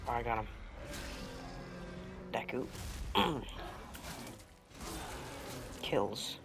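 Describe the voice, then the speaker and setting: A man's voice: medium pitch, expressive, extremely slow, gravelly. A young man gives casual gameplay commentary, rambling through a story and correcting himself as he goes. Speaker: gaming video creator. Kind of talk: casual commentary while playing and telling a story.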